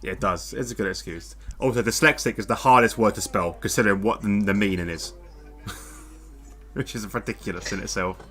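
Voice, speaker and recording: A man's voice: on the low side, moderate pace, a bit bright. A man co-commentating a live online racing league, laid-back and self-mocking, laughing at himself often.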